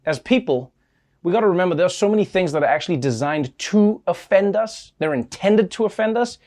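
A man hosting a comedy news show, trading scripted banter in an animated way that sometimes stammers and gets flustered. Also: high-pitched, fairly quick. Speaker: late-night comedy news host.

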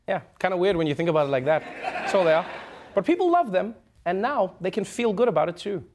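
A man hosting a late-night comedy show, delivering a jokey news monologue in an animated manner. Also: high-pitched, quick pace, background noise. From Africa. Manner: animated, jokey, puts on silly voices.

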